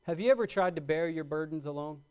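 A man's voice: on the high side, clean tone, dull audio. A middle-aged man preaching a sermon as a pastor, building emphasis and acting out short asides. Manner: preaching with rising emphasis and quick acted-out asides.

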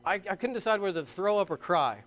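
A middle-aged man preaching a sermon, telling stories with animated, emphatic bursts and reading scripture slowly. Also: high-pitched. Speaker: pastor.

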